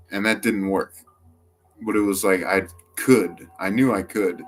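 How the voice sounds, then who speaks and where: A man's voice: on the low side, steady tone. A young man telling a casual first-person story, rambling with constant "like" fillers and the odd swear word. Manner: rambling, heavy use of filler "like"; swearing, quick quoted outbursts.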